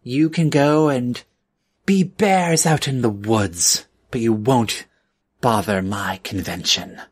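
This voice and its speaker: A man's voice: medium pitch, slow pace, slightly rough. A man voicing a stern, threatening woman who runs a convention and holds a pistol. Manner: clipped, threatening, officious.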